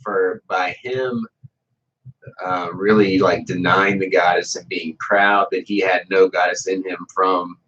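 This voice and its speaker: Deep-voiced, hesitant male host. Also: steady tone, fairly bright tone, dull audio, slight background noise. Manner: hesitant, filler-heavy, slow. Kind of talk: livestream talk.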